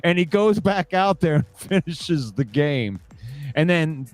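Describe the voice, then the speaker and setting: A man's voice: on the high side, expressive, a little slow. A man hosting a casual sports podcast, rambling and repeating words as he talks. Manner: rambling, repeats words, laughs while talking. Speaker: podcast host.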